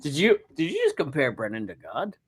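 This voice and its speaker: Brief: male podcast guest, slightly high voice, quick jokes in casual chat. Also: huge pitch swings, husky. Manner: joking, quick wisecracks.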